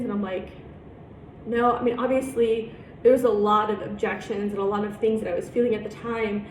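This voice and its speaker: A young adult woman telling a personal story to her viewers, emotional and animated, acting out the dialogue as she goes. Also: on the high side, normal speed. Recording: roomy echo, a bit far from mic, faint background noise.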